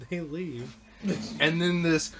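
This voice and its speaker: A man's voice: fairly high pitch, steady tone, takes it slowly, a bit bright. A man casually telling a rambling story, laughing and swearing as he goes. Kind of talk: casual chat while gaming.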